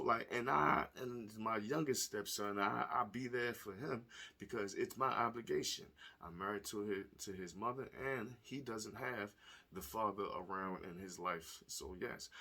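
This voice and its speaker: A man giving blunt, profane, animated commentary to the camera, telling stories and speaking plainly as a stepfather. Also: lowish voice, gravelly, husky. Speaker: vlogger. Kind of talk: casual commentary video.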